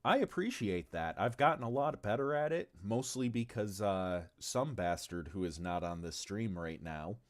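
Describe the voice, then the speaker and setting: A man with a very deep, low-pitched voice talks casually on a livestream about his tabletop game. He rambles, swears freely and trips over his words as he answers chat. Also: lively intonation, normal speed, hardly any pauses. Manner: rambling and profane, with stumbles and asides to chat. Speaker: game designer presenting his tabletop game on stream.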